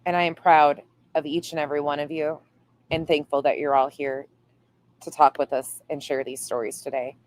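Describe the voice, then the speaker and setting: Woman host, deep voice, reads chat aloud, playful cussing. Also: level tone, normal speed, darkish tone. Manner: reads viewer comments aloud, swears playfully. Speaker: livestream host reading chat. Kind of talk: casual livestream chat.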